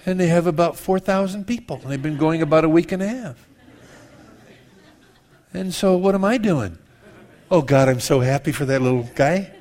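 A man in his fifties preaching a sermon in a church, conversational and self-mocking, swinging from loud exclamations to hushed confessions. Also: on the high side, moderate pace, pauses often, some chatter behind. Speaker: pastor.

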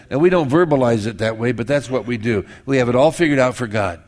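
A man's voice: mid-range voice, expressive, fast, hardly any pauses, a little mellow. A male pastor preaching a sermon in a conversational way, acting out people's prayers with humorous asides.

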